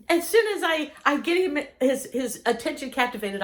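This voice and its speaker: A woman's voice: sits high, sing-song, moderate pace, few pauses, a bit bright. A middle-aged woman giving a humorous talk on conversation, chatty and self-mocking, often acting out the people she quotes. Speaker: speaker giving advice.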